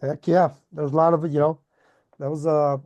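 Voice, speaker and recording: Guest, slightly high mellow male voice, folksy fillers. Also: little pitch movement, normal speed, no echo, dull audio. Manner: folksy, filler-heavy reminiscing. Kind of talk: casual chat.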